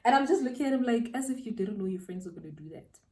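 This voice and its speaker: South African woman telling an animated story. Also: fairly high pitch, rapid-fire, far from the mic, background noise. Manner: animated, laughing, slangy. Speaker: beauty vlogger. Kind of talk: storytelling while doing makeup.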